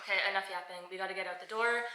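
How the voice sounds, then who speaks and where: A woman's voice: medium pitch, fairly even intonation, rapid-fire, bright, forceful tone, roomy sound, low-quality recording. A woman vlogger talking casually and candidly, rambling and swearing freely as she shares her days. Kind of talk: casual chatty vlog.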